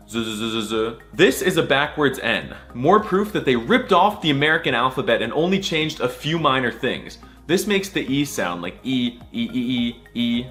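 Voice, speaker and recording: A man's voice: medium pitch, a bit bright. A man giving a sarcastic, jokey mock alphabet lesson, drawing out each letter sound. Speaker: comedy video creator.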